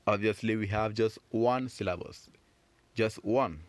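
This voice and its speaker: With a fairly low voice, a man leads a French phonics lesson for kids, offering encouragement and slowly repeating words so learners can follow.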